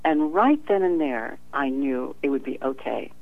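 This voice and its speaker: Woman, psychic guest, animated storyteller, gravelly voice, dry tinny phone line. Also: rumbling low, normal speed, no room sound. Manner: animated storyteller, acts out quoted dialogue with frequent laughter. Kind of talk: telling a personal story in an interview. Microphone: telephone.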